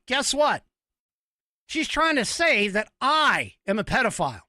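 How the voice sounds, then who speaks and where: Angry ranting man, forceful and lively. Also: high-pitched, moderate pace, no room sound, clean studio sound. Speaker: podcast host. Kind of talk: opinion podcast monologue.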